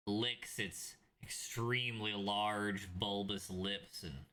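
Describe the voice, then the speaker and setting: Bright-voiced male game master, low pitch. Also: steady tone, takes it slowly. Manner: rambling, hesitant narration with many fillers. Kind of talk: narrating a tabletop game.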